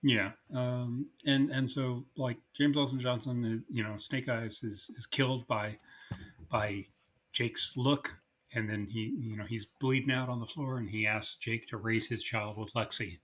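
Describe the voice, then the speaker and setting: A man co-hosting a podcast in casual chat, often halting and repeating words. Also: medium pitch, fairly even intonation, fairly bright tone. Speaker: podcast co-host.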